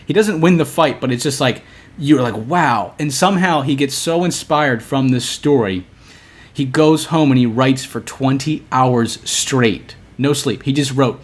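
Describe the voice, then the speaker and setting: A young man co-hosting a podcast, telling a long story in casual chat, animated, restarting often and acting out the lines he quotes. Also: mid-range voice. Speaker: podcast co-host.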